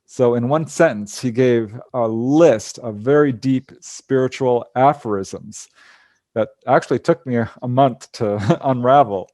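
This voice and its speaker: A man's voice: medium pitch, a little slow, a little mellow, no echo, studio quality. A man telling stories of his out-of-body experiences to a group over a video call, earnest and laughing often. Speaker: guest speaker. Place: home.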